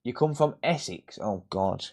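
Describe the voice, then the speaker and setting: A man's voice: fairly low pitch, lively intonation, measured pace, a little mellow. A man chatting casually on a live repair stream, blunt and sweary, joking and ranting as he works. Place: repair workbench.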